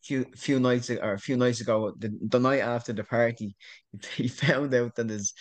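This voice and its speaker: A man's voice: mid-range voice, steady tone, moderate pace. A middle-aged Irish man telling a rambling story in a casual interview, repeating words and laughing often. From Ireland. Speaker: guest.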